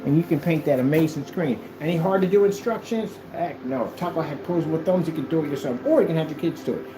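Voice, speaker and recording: A man's voice: on the high side, fast, noisy background. A man presenting a product in a casual demo video, talking in a playful, exaggerated sales manner.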